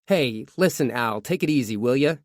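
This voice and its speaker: A man's voice: medium pitch, lively intonation, normal speed, no echo, studio quality, close to an everyday voice. A man voicing a friendly, chatty woman neighbor in a true crime audiobook reading. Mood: stern.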